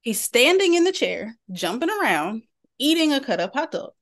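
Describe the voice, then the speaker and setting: Animated woman telling a story. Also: high voice, normal speed. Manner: animated storyteller, laughs mid-sentence. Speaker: podcast co-host. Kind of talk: casual storytelling chat.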